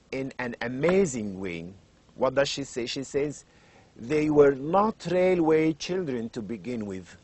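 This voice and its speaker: A middle-aged man with an Arabic accent, lecturing in English on children's literature, animated and fond of rhetorical questions, raising and lowering his voice for emphasis. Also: husky. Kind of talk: university lecture.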